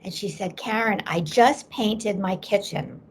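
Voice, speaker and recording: A woman's voice: mid-range voice, unhurried, breathy edge. A middle-aged woman, a psychic medium, telling a personal story as an interview guest and acting out the voices she quotes. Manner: animated storyteller who acts out quoted voices.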